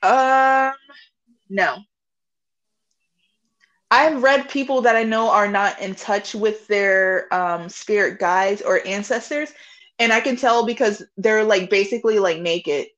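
A woman guest on a podcast, chatting casually about spiritual readings in an animated way, swearing freely and laughing often. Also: mid-range voice, slow, lo-fi sound. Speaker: podcast guest, intuitive reader.

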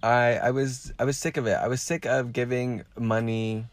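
Speaking at a moderate pace with a flat delivery, a medium-pitched man hosts a podcast. His talk is casual, frank and rambling, packed with fillers and lots of profanity.

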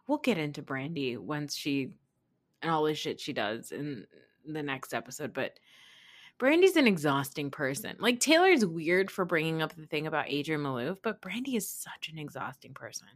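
A woman's voice: low-pitched, very animated, moderate pace. A woman hosting a podcast in casual chat, chatty and sarcastic, often laughing. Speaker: podcast host.

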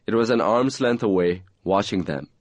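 A man reading aloud from his own novel in a measured, even storytelling manner. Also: on the low side, no echo.

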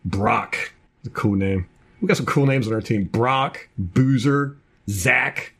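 A man's voice: medium pitch, slow, fairly bright tone, breathy edge. A man co-hosting a casual sports podcast, running through a team depth chart with jokey asides. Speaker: podcast co-host.

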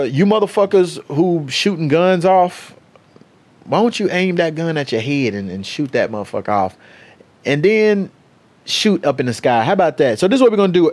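A young man, hosting his own podcast and telling a story in a loose, profane, animated way. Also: fairly high pitch. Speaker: podcast host. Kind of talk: casual solo podcast storytelling.

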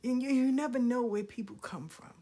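A woman shares unfiltered, profane anecdotes about herself with lots of animation, moving from murmured asides to loud bursts. Her voice is a little high, a little fast, and slightly rough.

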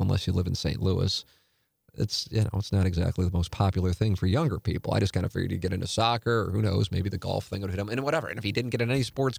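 A man's voice: sits low, creaky, no room sound, studio quality. A man in his forties hosting a casual talk show, rambling and restarting sentences with candid, profane asides. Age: 40s. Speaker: podcast host. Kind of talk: casual chat.

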